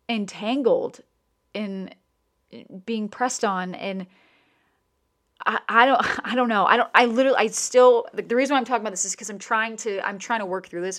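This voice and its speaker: A young adult woman talks straight to her listeners about something personal. She is candid and emotional, swears freely and often stops to restart a sentence. Her pitch sits in a normal middle range. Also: a bit bright.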